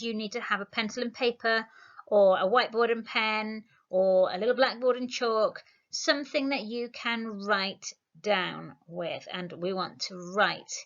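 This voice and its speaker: A woman, teaching a spelling lesson to young children, slowly sounding words out syllable by syllable. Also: mid-range voice, a bit bright, muffled recording. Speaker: primary school teacher.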